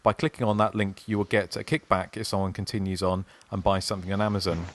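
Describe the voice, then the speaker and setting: A man's voice: low-pitched, steady tone, fast talker, dry recording. A man hosting a podcast, chatting casually and reading listener emails aloud. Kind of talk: casual chat.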